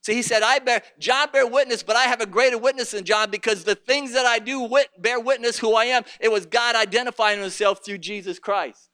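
Male preacher, fervent sermon, bright voice, shouting at times. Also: very high voice, fairly even intonation, a little fast, clean tone. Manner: impassioned, rising to shouts, with rhetorical questions.

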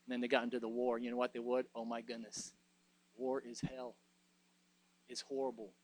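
A man preaching a sermon, alternating between loud exhortation and quiet reflection, often stumbling and restarting his phrases. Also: mid-range voice, monotone, moderate pace.

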